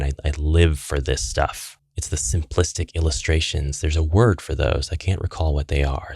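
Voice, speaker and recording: A man's voice: a bass voice, no room sound, studio quality. A man hosting a fantasy gaming channel, paging through a guidebook in a chatty way and reading passages aloud. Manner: chatty, reads passages aloud, restarts phrases. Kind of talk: casual book walkthrough.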